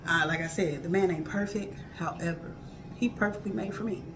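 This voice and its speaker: Cooking in her home kitchen, a woman in her thirties chats to her viewers as a vlogger, her voice on the low side and brisk over a noisy background. She talks in a loose, colloquial way, candid and emphatic, repeating herself for emphasis.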